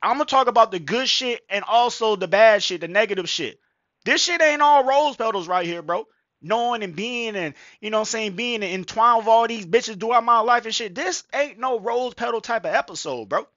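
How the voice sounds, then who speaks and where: A man's voice: sits high, expressive, moderate pace, bright, forceful tone, no echo, dull audio. A man vlogging casually into a headset mic, rambling with slang, profanity and lots of fillers. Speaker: vlogger reacting to a video. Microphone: gaming headset microphone.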